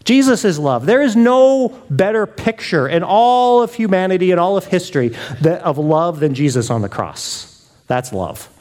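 A man preaching a sermon with passion, drawing some lines out softly and raising his voice on others. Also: high-pitched, sing-song. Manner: impassioned, swings between soft drawn-out lines and raised exclamations.

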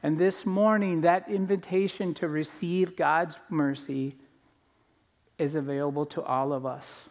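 A man's voice: on the high side, steady tone, unhurried. A man speaking as pastor to his congregation, earnest and building phrases into a list. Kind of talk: sermon transition. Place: church. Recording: reverberant hall.

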